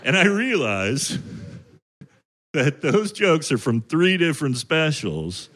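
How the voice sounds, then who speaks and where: A man's voice: a little high, big pitch swings, slow pace. A man in his fifties doing a profane, ranting stand-up comedy set on stage before a live audience. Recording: live set with loud crowd and room noise. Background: audience laughter.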